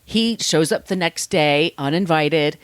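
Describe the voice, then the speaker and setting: A woman with a somewhat low voice tells a true-crime story as a podcast host. She keeps it casual and animated, slips into the voices of the people involved, and swears freely. The sound is dry and close, with no room echo. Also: unhurried, clean tone. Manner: chatty, animated, acts out quotes, swears freely.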